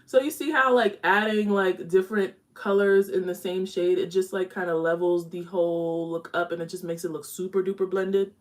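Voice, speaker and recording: A young woman with a slightly low voice chats her way through a live makeup session from home. She is candid and easygoing, talking while she blends eyeshadow. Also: steady tone, moderate pace, few pauses. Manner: chatty, candid, talks while applying makeup. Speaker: beauty vlogger. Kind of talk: casual live makeup chat.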